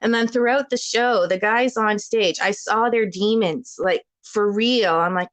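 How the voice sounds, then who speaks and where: A woman's voice: mid-range voice, a little slow, few pauses, dry recording. A woman calling in to a live chat show, telling a long story in a rambling, chatty way and laughing often. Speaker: caller. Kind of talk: casual call-in chat. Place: at home with a child.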